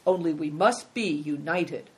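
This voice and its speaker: A woman's voice: deep voice, measured pace. A woman reading a storybook aloud and voicing a poor, polite, clever country boy. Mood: earnest. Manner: polite and earnest.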